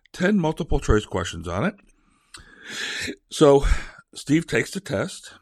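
Gravelly older man telling a rambling story. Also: lowish voice, no room sound, clean studio sound. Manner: chatty, digressive, lots of fillers and restarts; acts out quoted voices for comic effect.

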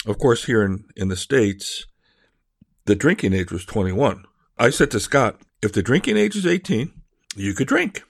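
Lively low-voiced man telling stories. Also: no echo, studio quality. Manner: rambling, acts out quoted voices. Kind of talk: casual personal storytelling.

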